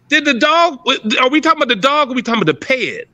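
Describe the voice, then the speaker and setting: Profane, high-pitched animated man ranting. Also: fast, dry recording. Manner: profane, emphatic, animated rant. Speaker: podcast co-host. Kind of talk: heated casual talk.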